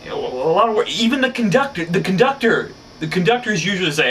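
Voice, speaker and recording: Male host telling a casual rambling story; crisp bright tone, mic a bit distant. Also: sits high, expressive, fast, hardly any pauses, slight background noise. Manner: rambling, filler-heavy storytelling. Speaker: show host. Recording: slightly distant mic, faint ambience.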